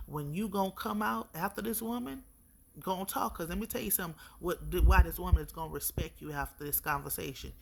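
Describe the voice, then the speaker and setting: Gravelly, husky-voiced spiritual reader. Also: mid-range voice, fairly bright tone. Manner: emphatic, keeps calling the listener baby and checking in; blunt, preachy advice. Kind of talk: intuitive reading addressed to the viewer.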